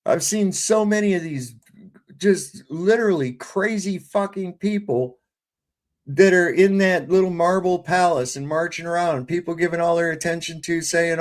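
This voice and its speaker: A man's voice: a little high, moderate pace. An older man ranting in casual, profane, exasperated political chat on a livestream panel.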